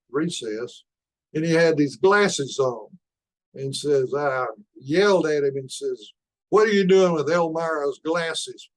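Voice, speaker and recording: An older man delivers a lecture at a measured, unhurried pace. His voice sits at an ordinary middle pitch, and he often pauses with an "uh" as he walks through the results. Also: rough recording. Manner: slow and deliberate, with frequent "uh" pauses. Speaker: conference speaker. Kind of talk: lecture presenting study results.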